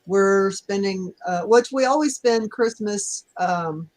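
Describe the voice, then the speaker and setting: A woman's voice: medium pitch, slow, a little mellow, poor audio. A middle-aged woman co-hosting a livestream, chatting casually with frequent ums and restarts from her laptop. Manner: hesitant, many ums and restarts. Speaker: co-host of a livestream. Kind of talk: casual chat.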